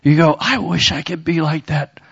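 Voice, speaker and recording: A pastor preaches with emphatic, punchy delivery, hammering his points through repetition. His voice sits a little higher than most men's, and the recording sounds somewhat dull and muffled. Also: normal speed, vocal fry, husky. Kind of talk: sermon.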